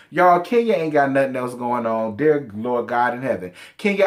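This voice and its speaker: Sassy, blunt man recapping reality TV. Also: mid-range voice. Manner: sassy, blunt, profane, addresses cast members directly. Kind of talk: casual reality show recap commentary.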